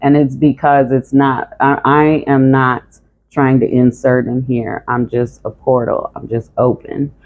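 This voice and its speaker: A woman giving a tarot reading to camera in a calm, monotone channeling voice. She speaks bluntly and casually, with some swearing. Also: a bass voice, unhurried. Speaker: tarot reader. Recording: tinny phone-like sound.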